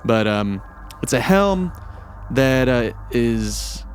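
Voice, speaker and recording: A man's voice: medium pitch, expressive, extremely slow, a little hiss or hum. A man role-playing a character at a tabletop game, rambling and hesitant with lots of ums and restarts. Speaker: player.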